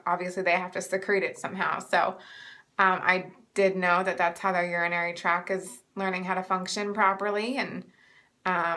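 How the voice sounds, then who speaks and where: A young woman vlogger shares pregnancy updates in a casual chat to camera. Her lowish voice has a bright, clear tone, though she sounds a little stuffed up and short of breath. She's chatty and rambles along with plenty of ums.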